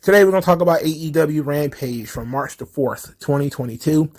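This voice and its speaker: A man's voice: on the high side, fairly quick. A man hosting a wrestling commentary podcast, talking casually with frequent swearing and laughter. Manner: animated, profane, laughs often. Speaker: podcast host.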